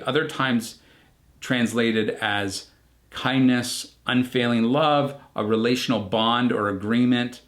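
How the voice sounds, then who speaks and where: A male pastor preaching a recorded sermon at an unhurried pace. His voice sits at an ordinary middle pitch, and he sets off key words with deliberate pauses, his tone reflective and earnest.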